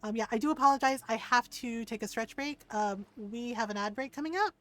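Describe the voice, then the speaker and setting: Chatty woman streamer, slightly high voice. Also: fairly quick. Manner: animated storyteller, tags sentences with "right?"; warm greetings to viewers by name. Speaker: variety streamer. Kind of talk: casual chat with live viewers.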